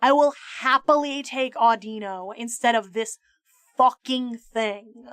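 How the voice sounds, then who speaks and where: In casual live-stream chat, a VTuber with a smooth, high and bright voice rants playfully and curses freely, often stumbling and restarting her sentences. The sound is close and dry, with no echo from the room.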